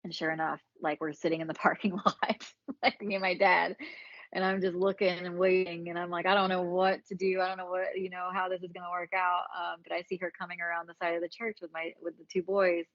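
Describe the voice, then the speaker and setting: A woman's voice: lowish voice, flat delivery, fairly quick, no room sound. A woman from Alabama, telling her story frankly as a podcast guest, swearing freely and acting out what people said. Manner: frank, swears freely, acts out quoted dialogue. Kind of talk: candid casual storytelling. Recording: dry, slightly dull sound.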